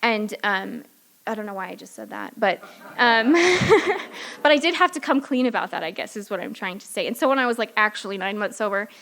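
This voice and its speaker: A woman's voice: medium pitch, animated, fairly quick, creaky, fairly bright tone. A woman from San Diego speaking at a recovery meeting. She talks candidly and loosely, and often laughs at herself. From San Diego, California. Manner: loose and chatty, many fillers. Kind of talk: personal recovery talk.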